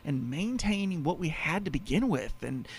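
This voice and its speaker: Slight background noise sits under this clip of a home-improvement show host, who also runs a home insulation business. His fairly high voice is very animated, with vocal fry and a moderate pace, as he tells loose, filler-heavy stories in relaxed radio conversation.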